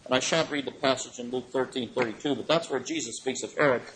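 A man giving a lecture on the Bible in an animated way, chuckling often and swinging his pitch for emphasis. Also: quick pace, slight background noise, low-quality recording. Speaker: Bible teacher.

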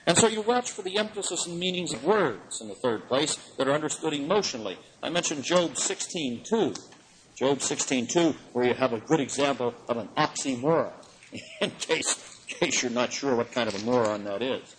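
A man giving a lecture on the Bible in an animated way, chuckling often and swinging his pitch for emphasis. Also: moderate pace, slight background noise, poor audio. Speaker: Bible teacher.

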